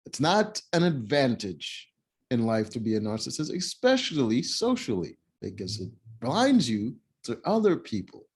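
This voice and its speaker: A man's voice: mid-range voice, a little mellow, breathy edge. A man giving casual, opinionated commentary while reviewing a reality show, blunt and mocking.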